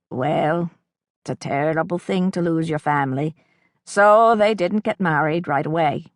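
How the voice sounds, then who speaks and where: A woman reading an audiobook, voicing a kindly, gentle uncle who is a big farmer, in an earnest, reassuring way. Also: lowish voice, no room sound, studio quality.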